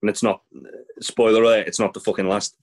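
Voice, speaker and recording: Young bloke, blunt and sweary, just chatting through the week's matches. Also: male voice, fairly low pitch, level tone, fairly quick, slight background noise. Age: young adult. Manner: blunt, sweary, laid-back recapping. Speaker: podcast co-host. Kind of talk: casual chat, recapping wrestling.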